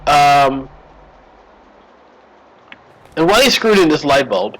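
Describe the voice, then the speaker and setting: A man's voice: a little high, very animated, slow pace, a bit bright, slight background noise, poor audio. A man streaming a game live, chatting and rambling through a story between moves. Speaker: gaming streamer. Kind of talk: live gameplay commentary.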